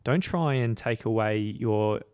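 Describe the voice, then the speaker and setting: A man's voice: on the low side, measured pace, darkish tone, smooth. A young man co-hosting a casual book podcast, summing up ideas in a blunt, self-mocking way. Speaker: podcast co-host.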